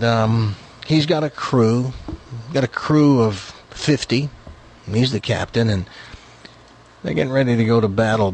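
A man hosting a talk show, chatting casually and telling jokes in an animated, incredulous manner, often repeating words. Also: mid-range voice, breathy edge. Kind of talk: casual chat and joke telling.

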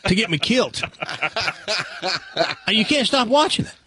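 A man from the American South with a Southern accent, hosting a talk radio show and telling stories in a lively, stammering way. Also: high voice, normal speed. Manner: animated storyteller, restarts and stammers. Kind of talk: casual talk radio chat.

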